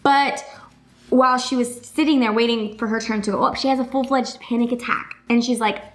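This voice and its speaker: Chatty woman with a higher voice. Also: fairly even intonation, a little fast, a bit bright, soft background music. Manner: chatty, full of "like" and "you know" fillers. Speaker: vlogger reviewing a TV episode. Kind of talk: casual recap chat.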